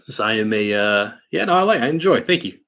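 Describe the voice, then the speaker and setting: This card-break host from New York has a lowish, sing-song voice that's a bit bright and fairly quick. He chats casually and muses aloud while opening packs on a livestream from an indoor studio.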